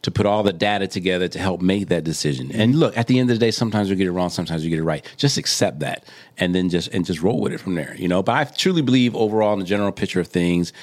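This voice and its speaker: A man's voice: sits low, fast talker, a little mellow. A man co-hosting a podcast, talking casually and motivationally with jokes and bursts of animation. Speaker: podcast co-host.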